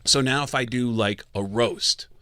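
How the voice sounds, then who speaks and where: A man's voice: medium pitch, normal speed, no echo. A man, a guest comedian, telling stories in a casual podcast chat and acting out the people in them. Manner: animated storyteller, acts out quotes.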